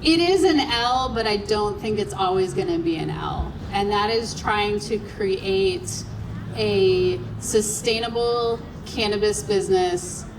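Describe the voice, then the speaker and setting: A woman's voice: medium pitch, takes it slowly. A woman answering questions as a panel guest, speaking thoughtfully with some hesitation. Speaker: panel guest, event co-founder. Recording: distant mic with clear noise.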